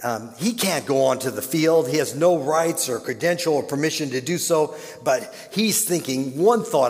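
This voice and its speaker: A man's voice: medium pitch, animated, normal speed. Man preaching in a reverberant hall. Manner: dramatic, swinging from hushed to loud. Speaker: pastor. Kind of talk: sermon storytelling. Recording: long reverb of a large hall.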